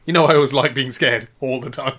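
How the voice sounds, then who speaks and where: Bright-voiced joking podcast man. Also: mid-range voice, fairly even intonation, fast talker. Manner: playful, laughs often, riffs on silly ideas. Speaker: podcast co-host. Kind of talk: comedic podcast banter.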